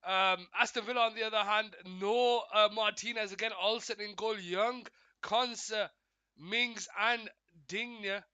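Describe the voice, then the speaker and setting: A man hosting a live football watchalong, giving chatty play-by-play commentary in a slightly croaky voice from a cold, often greeting viewers and correcting himself. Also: high-pitched, fairly even intonation, measured pace, bright, forceful tone, no echo, highs cut off.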